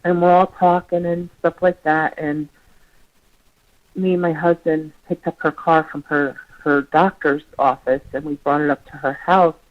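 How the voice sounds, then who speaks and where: A woman's voice: low-pitched, fairly even intonation, measured pace. Rambling woman on dull lo-fi audio. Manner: rambling, heavy with "you know" fillers. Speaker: guest, relative of the missing child's mother. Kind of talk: conversational storytelling.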